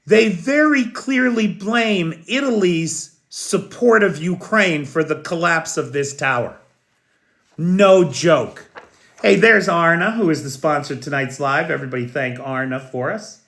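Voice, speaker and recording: A man's voice: high-pitched, creaky, fairly bright tone. An American man hosting a live news show, talking casually, greeting viewers by name and commenting on the day's events. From United States.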